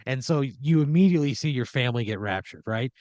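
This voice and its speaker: A man's voice: medium pitch, lively intonation, fast talker, darkish tone, no echo, lo-fi sound. A man hosting a podcast and improvising a horror comedy story in the second person, with frequent "like" fillers.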